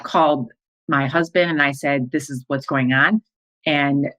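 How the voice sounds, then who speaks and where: A woman with a low, deep speaking voice tells her own story as a podcast monologue. She speaks in an emotional, breathless way, acting out her own and her family's words as she goes. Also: fairly even intonation, unhurried, fairly bright tone, low-quality recording. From American Midwest. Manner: emotional, breathless retelling with quoted dialogue. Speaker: life coach and podcast host.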